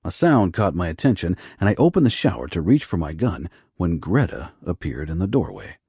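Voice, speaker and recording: Very deep, husky male narrator. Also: sing-song, fairly quick, dry recording, clean studio sound. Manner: low, rough, hushed delivery. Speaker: audiobook narrator. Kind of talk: first-person romance audiobook narration.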